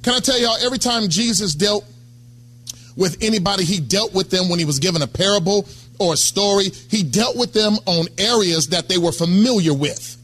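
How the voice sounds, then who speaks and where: High, bright-voiced preacher man. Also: brisk, breathy edge, soft background music. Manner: conversational preaching, calls out to congregation. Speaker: pastor. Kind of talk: sermon.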